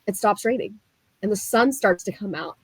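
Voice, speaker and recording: A young woman from the US Midwest telling her story as a guest, animated and full of "like" fillers. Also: medium pitch, normal speed, breathy edge, dry recording, poor audio. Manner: animated, frequent "like" fillers, laughs while telling. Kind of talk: casual storytelling.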